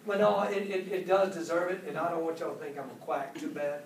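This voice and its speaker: A man speaks at a motivational seminar in a fairly high voice, acting out little quotes with big jumps in pitch. He sounds far from the mic in an echoey room. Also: level tone, a little fast, a little hiss or hum.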